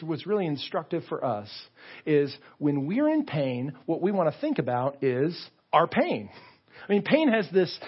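Husky-voiced pastor preaching. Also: male voice, a little high, dull audio. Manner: conversational, earnest preaching with frequent repeats. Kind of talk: sermon. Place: church sanctuary.

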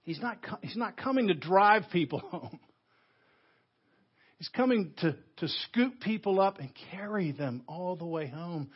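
A man preaching a sermon, leaning hard on key words and then dropping to a hush, with a Southern US accent. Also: sits high, lively intonation, breathy edge, dull audio. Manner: emphatic preaching, swinging between loud stresses and hushed, slow phrases. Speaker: pastor. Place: church sanctuary.

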